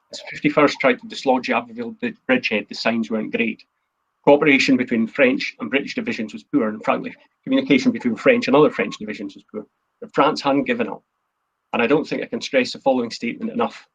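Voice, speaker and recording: Husky guy giving an earnest history talk over a dull lo-fi video call. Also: mid-range voice, fast. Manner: earnest, emphatic, quotes speeches in a plain voice. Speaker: host and historian.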